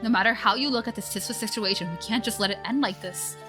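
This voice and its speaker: A woman's voice: mid-range voice, quick pace, lightly acted. A woman voicing an earnest young woman who firmly insists on justice. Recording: game music playing loudly behind.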